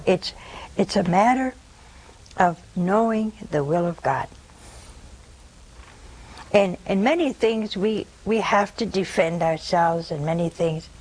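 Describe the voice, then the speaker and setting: An older woman preaches slowly to her callers, earnest and unhurried. She leans on repeated phrases to drive a point home, keeping a steady, measured delivery. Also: on the low side, slight background noise, poor audio. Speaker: host of a religious call-in show.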